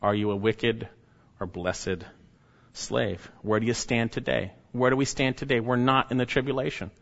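A man's voice: medium pitch, fairly even intonation, moderate pace, gravelly. Man preaching an urgent sermon, reverberant hall. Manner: emphatic, urgent, with sharp rises and hushed drops. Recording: dull sound, long reverb of a church hall.

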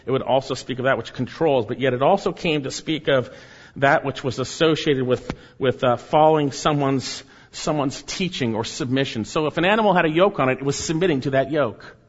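A man preaching a sermon, emphatic, repeating key phrases and swinging between loud and soft delivery. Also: mid-range voice, fairly quick, husky. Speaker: pastor. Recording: dull sound with long hall reverb.

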